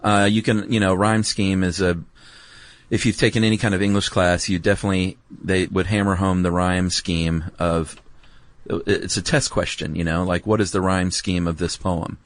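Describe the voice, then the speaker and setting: A man's voice: low voice, little pitch movement, moderate pace. A man co-hosting a podcast, talking in a laid-back, meandering way with lots of ums and asides. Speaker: podcast co-host. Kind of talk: casual explanatory chat.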